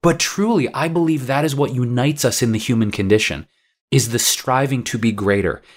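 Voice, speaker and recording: A man's voice: mid-range voice, brisk. A man co-hosting a podcast, talking in an earnest, philosophical way in casual chat. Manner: earnest and philosophical, ranging into rants. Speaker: podcast co-host.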